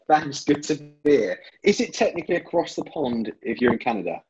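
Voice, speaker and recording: A man's voice: fairly high pitch, expressive, moderate pace, a little mellow, slightly rough, highs cut off. A British man, a fitness writer, chatting as a podcast guest over a remote call, often repeating words as he thinks. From Britain. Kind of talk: casual interview chat.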